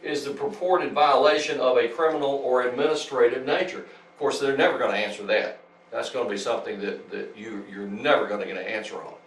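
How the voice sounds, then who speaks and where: A man's voice: mid-range voice, brisk. A man giving a lecture and reading out legal statements, talking emphatically and often restarting his sentences. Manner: repetitive, emphatic, frequent restarts. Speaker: speaker at a public talk. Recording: echoey room, voice from far off.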